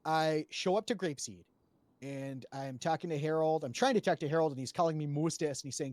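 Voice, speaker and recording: A man's voice: a little high, a little fast, darkish tone, dry recording. A man recounting a roleplay story to a panel, rambling with lots of fillers and restarts and swearing freely.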